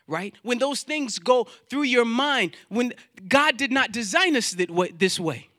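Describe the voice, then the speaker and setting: A man preaching from the pulpit with a high, ringing voice. He speaks in an animated, repetitive style, quoting scripture and voicing inner doubts. The sound is close and dry. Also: unhurried, few pauses, no room sound. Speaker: pastor. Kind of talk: sermon. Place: church sanctuary.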